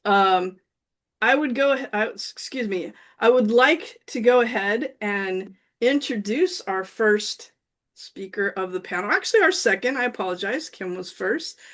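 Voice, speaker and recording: A woman moderating a panel at an event, introducing speakers in a halting way with many restarts. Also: a little high, lively intonation, a bit bright. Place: event room with an audience.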